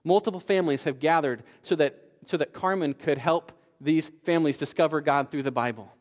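A man preaching a sermon, telling a story in an animated way with frequent repetitions. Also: a little high, a little fast. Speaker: pastor. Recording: reverberant hall.

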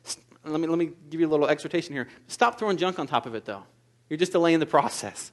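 A man preaching a sermon as pastor, moving between quiet, intimate asides and loud, emphatic exhortation. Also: fairly high pitch, expressive, brisk.

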